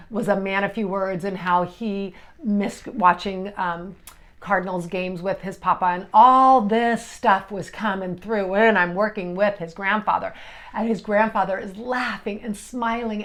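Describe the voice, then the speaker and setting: A middle-aged woman, an energy healer, telling a personal story in an emotional, halting way with many restarts. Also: medium pitch.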